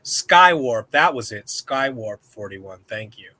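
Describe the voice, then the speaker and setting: A man's voice: medium pitch, animated, slow pace, pushed and bright, no echo. A man hosting a casual live-stream chat, rambling and joking with viewers. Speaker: host.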